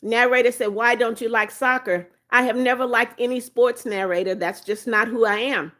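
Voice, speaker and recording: A woman's voice: a little high, fairly even intonation, moderate pace, a bit bright. A woman from Florida hosting a phone livestream, reading viewers' chat comments aloud and thanking them by name, chatty and firm about her rules. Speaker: livestream host.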